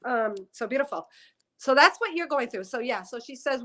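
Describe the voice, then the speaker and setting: This psychic reader speaks in a high, animated voice at a moderate pace, with a fairly bright tone. She rambles tearfully and emotionally through her impressions during a spiritual reading, talking into a headset mic.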